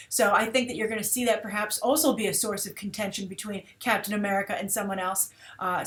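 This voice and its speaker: A woman hosting a movie trailer review show, talking casually and animatedly with plenty of fillers. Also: mid-range voice. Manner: chatty, animated, with many fillers. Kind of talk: casual commentary.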